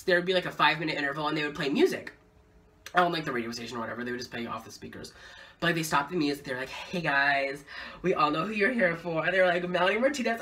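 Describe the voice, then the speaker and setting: A young woman vlogger telling a casual story time, excitable and full of swearing. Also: on the low side, recorded from a distance.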